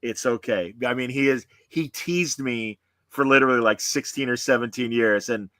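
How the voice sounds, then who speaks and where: Bright-voiced rambling podcast host man. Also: medium pitch, normal speed, dry recording. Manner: rambling, self-deprecating, does voices. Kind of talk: casual chat.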